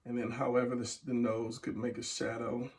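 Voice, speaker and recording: A man's voice: mid-range voice, monotone, normal speed, a little mellow, far from the mic, slight background noise. A middle-aged man teaching a casual drawing tutorial, talking while he draws and trailing off into murmurs. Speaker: drawing instructor.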